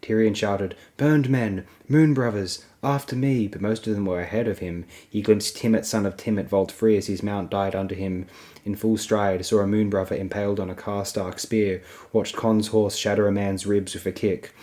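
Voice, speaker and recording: A man reading a fantasy novel aloud as an audiobook, in a steady, even storytelling manner. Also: lowish voice, normal speed. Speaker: audiobook reader.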